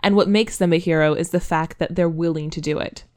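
A woman's voice: on the low side, fairly even intonation, fairly quick, darkish tone. A woman co-hosting a podcast, playful and thoughtful in casual talk. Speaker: podcast co-host.

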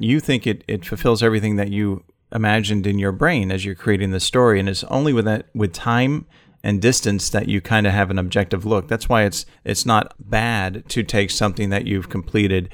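A man co-hosting a podcast, talking in a relaxed, reflective way with playful banter. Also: lowish voice, dry recording, clean studio sound. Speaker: podcast co-host. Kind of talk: casual conversational podcast.

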